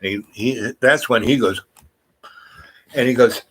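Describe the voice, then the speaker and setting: Male vlogger, mid-pitched, loose storyteller who wanders and restarts his sentences, heavy on "you know" and "like". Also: unhurried, a bit bright, rough recording. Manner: meandering, many fillers and restarts. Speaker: vlog host. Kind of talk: rambling personal storytelling.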